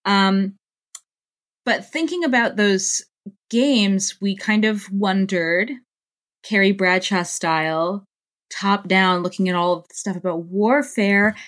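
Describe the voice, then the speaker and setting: A woman's voice: medium pitch, slow, a bit bright. A woman co-hosting a casual comedy podcast, rambling with crude jokes and many fillers. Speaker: podcast co-host.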